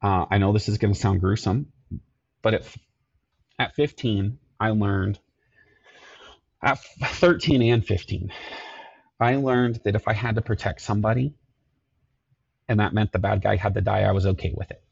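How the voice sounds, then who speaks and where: Low gravelly-voiced man telling his story. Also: darkish tone, muffled recording. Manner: earnest, halting, repeats himself. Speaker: podcast guest, security company owner.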